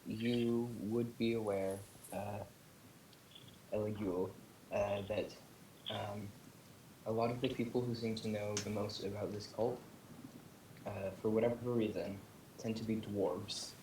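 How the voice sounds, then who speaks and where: A young man running a tabletop game speaks in a lowish voice, hesitant and full of fillers. Faint hiss and clicking sit behind him. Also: flat delivery, a little slow, pauses often, warm tone, rough recording. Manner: hesitant, many ums and uhs. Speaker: dungeon master.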